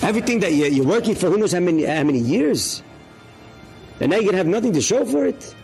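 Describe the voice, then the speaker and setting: Over soft background music, a man with a high, creaky voice preaches a sermon at a quick pace, telling an inspirational religious story. He animatedly voices the characters in the story.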